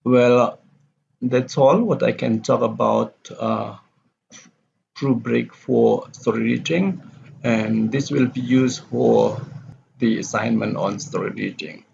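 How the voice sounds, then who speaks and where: A male lecturer explaining step by step in a recorded lesson, halting with fillers and self-corrections, a non-native speaker whose first language is Indonesian. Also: mid-range voice, gravelly, a little mellow, a little hiss or hum. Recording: dull lo-fi recording.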